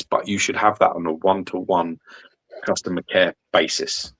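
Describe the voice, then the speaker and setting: Low, husky man in animated chat. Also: normal speed, no room sound, rough recording. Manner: animated, swearing freely, acts out quoted lines. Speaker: host. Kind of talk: casual chat.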